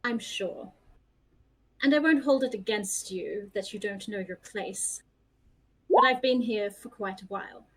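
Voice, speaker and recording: A woman's voice: medium pitch, measured pace, slightly rough, low-quality recording. A woman voicing a haughty, impatient banished dragon goddess who speaks in a clipped, condescending way.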